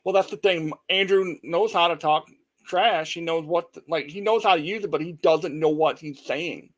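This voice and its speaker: A man hosting a casual chat, easygoing and quick to laugh. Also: fairly high pitch. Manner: easygoing, laughs often, relaxed parent talk. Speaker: host.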